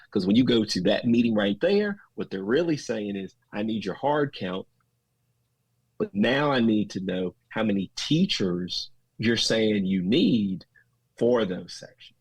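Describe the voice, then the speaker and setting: A man with a Southern US accent, talking in his thirties with a low, husky voice. He tells folksy stories and acts out the lines of others with lively energy. The sound is dry and close. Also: no echo, poor audio. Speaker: podcast guest, school administrator. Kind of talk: casual interview storytelling.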